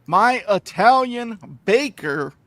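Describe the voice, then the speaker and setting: A man's voice: high-pitched, expressive, slow, a bit bright, no room sound. A man co-hosting a casual chat show, chatty and bantering about movies and food. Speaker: podcast co-host.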